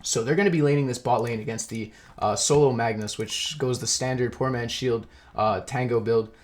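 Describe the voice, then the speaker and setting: A man's voice: mid-range voice, moderate pace. A young man giving casual, rambling solo commentary on a match, eating while he talks and laughing at himself. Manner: rambling, self-deprecating, laughs often. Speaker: esports caster.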